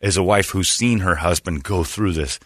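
A man from Indiana hosting a sports talk show, mocking and animated, slipping into put-on voices. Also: low-pitched, moderate pace, no echo, studio quality. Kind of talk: casual sports banter.

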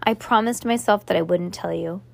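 A woman's voice: on the low side, normal speed, vocal fry. A woman reading aloud, voicing a worried, secretive young girl in an earnest tone in a storybook.

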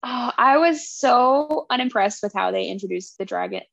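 A woman co-hosting a casual book chat, animated and acting out character lines as she talks. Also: on the high side, normal speed, gravelly, no room sound, muffled recording. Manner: animated, acts out character dialogue. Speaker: podcast co-host.

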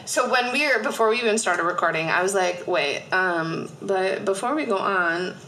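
A lively woman in her thirties co-hosts a casual chat, swearing freely and laughing as she tells stories. Her voice is bright and forceful, and the room around her sounds echoey with a faint hiss. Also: mid-range voice, normal speed. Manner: animated, swearing, laughing often, acting out past selves. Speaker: podcast co-host.

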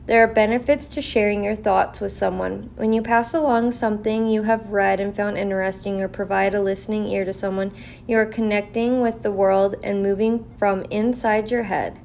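A woman's voice: medium pitch, steady tone, moderate pace, vocal fry, a little mellow, a little hiss or hum. A woman vlogger talking candidly with lots of swearing and fillers, reading aloud from a list now and then. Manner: profane, candid, filler-heavy. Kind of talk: casual talk mixed with reading aloud.

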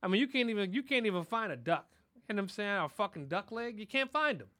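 A man's voice: high voice, very animated, quick pace, sharp tone. A man hosting a podcast, ranting in casual chat, heated and repetitive, swearing constantly. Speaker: podcast host. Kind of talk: casual profane rant.

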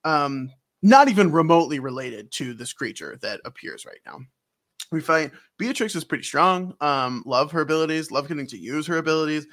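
A man's voice: fairly high pitch, lively intonation, brisk, fairly bright tone. A man co-hosting a podcast, rambling through a game recap with lots of ums and acted-out scenes. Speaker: podcast co-host. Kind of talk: casual game recap chat.

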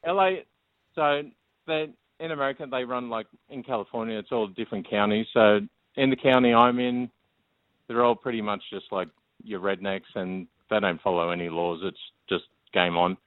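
A man's voice: fairly low pitch, fairly even intonation, moderate pace, no echo. A man with an Australian accent calling in to a radio show, chatting in a laid-back, self-deprecating way. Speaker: caller. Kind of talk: casual phone-in chat. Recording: tinny phone line.

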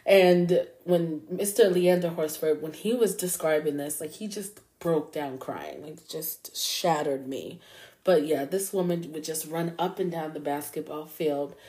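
A woman hosts a true-crime podcast in a casual, chatty storytelling voice. Her voice sits a little low and sounds mellow and warm. She talks to listeners as y'all and drops curse words freely. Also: unhurried. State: up late at 3 a.m. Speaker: podcast host.

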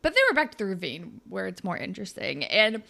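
Animated young woman retelling scenes. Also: fast talker, creaky. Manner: animated storytelling, acting out characters in high voices. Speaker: podcast co-host. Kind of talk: casual chat recapping a TV show.

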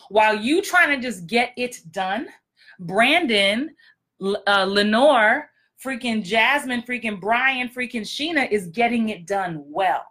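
A woman's voice: a little high, sharp tone. A woman acting coach hosting a podcast, talking in a direct, blunt, emphatic way with repeated punchlines. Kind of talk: casual podcast monologue.

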